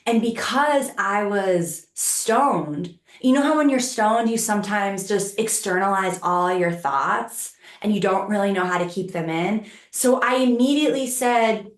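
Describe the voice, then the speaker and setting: Woman podcast host, lively storyteller, acts out the voices, echoey room. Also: mid-range voice, a little slow. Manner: animated, acts out quoted voices with laughs.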